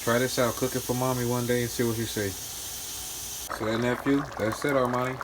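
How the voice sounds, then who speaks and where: In his home kitchen, a man playfully walks his nephew through a home-cooked meal for a casual cooking vlog, joking around with drawn-out sounds and soft asides. His mid-range voice has a flat delivery, and the background is noisy.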